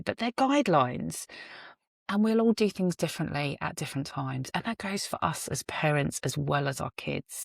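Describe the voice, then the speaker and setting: Sitting in a parked car, a podcast host talks through her thoughts on a phone recording, reflective and earnest with self-deprecating asides. Her voice is deep, and the sound is clean studio quality with no room sound.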